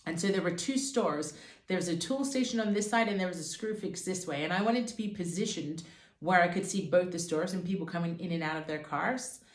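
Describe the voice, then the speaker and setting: A woman's voice: lowish voice, a little fast. A woman telling a personal faith testimony to her viewers in an earnest, fervent way. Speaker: Christian vlogger. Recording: roomy echo.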